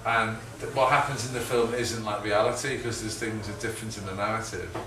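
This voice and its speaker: A man's voice: lowish voice, steady tone, fairly quick, sharp tone. A middle-aged man from Liverpool with a Liverpool accent, answering audience questions in a rambling, chatty way, often laughing and ending on tag questions. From Liverpool, England. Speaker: guest filmmaker. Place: event room with audience. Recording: echoey room, distant mic, background noise.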